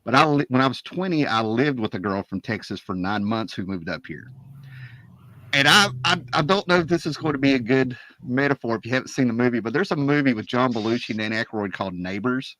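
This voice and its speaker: A man's voice: medium pitch, expressive, fairly quick, bright, forceful tone, dry recording, rough recording. A man hosting a livestream, talking casually with enthusiastic, slangy energy. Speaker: livestream host. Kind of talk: casual chat.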